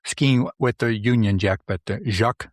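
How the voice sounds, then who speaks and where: A man's voice: fairly low pitch, moderate pace, no echo, studio quality. A man co-hosting a sports podcast, talking casually and hesitantly, searching for his words. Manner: hesitant, many fillers and restarts. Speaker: podcast co-host. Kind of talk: casual chat.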